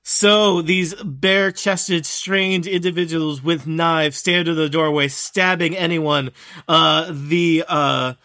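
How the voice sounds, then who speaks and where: A man's voice: on the high side, steady tone, slow, bright, forceful tone. A man narrating as game master of a tabletop game, often hesitant and restarting his sentences. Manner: hesitant, many fillers and restarts.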